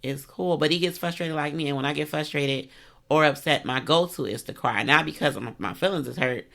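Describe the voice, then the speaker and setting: A middle-aged woman hosting a casual interview, chatty and quick to laugh. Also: deep voice, creaky. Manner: chatty, laughs easily, animated when telling stories. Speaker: podcast host.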